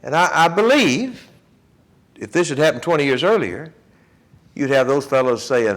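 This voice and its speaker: A man leads a Bible class in a church classroom, telling the story with plenty of life. His voice sits a little high for a man and rises and falls a great deal as he acts out what each person says. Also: moderate pace, pauses often. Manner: lively storytelling, acting out quotes.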